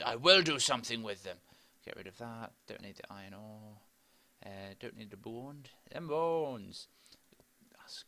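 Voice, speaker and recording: Man, young adult, casual gaming commentary, rambling, bright tone. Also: on the low side. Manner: chatty, rambling, talks to himself while playing. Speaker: gaming video host. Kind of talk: casual Minecraft let's play commentary.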